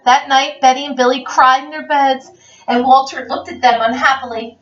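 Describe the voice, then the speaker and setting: A woman reading a picture book aloud in a giggly, playful and animated way. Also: high voice, moderate pace. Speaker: read-aloud reader. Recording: dull lo-fi recording.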